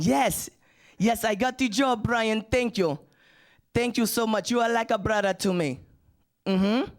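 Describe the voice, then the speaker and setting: A man's voice: high voice, pitched above the performer's own voice. A man voicing an overjoyed young man phoning his mother, speaking in a stiff, overly polite and formal way.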